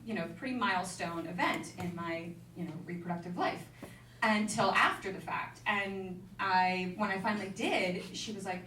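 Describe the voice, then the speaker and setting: A young woman telling a personal story at an event, candid and self-deprecating with quick asides. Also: mid-range voice, bright, forceful tone, slight background noise. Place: event venue with an audience. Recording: echoey room, mic from a distance.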